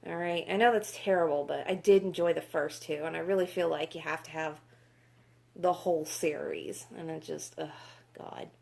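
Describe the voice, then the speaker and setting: A woman's voice: low voice, fairly even intonation, normal speed, creaky, a little mellow. A woman reviewing books in a casual vlog, exasperated, sarcastic and swearing freely. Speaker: book reviewer.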